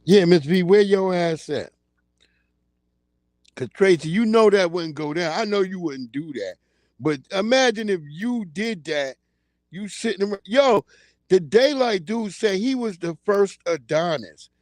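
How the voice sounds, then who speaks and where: A man hosting a livestream, chatting in a casual comedic way, laughing often and acting out loud yelled quotes. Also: high-pitched, animated, a little slow, no echo. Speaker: livestream host.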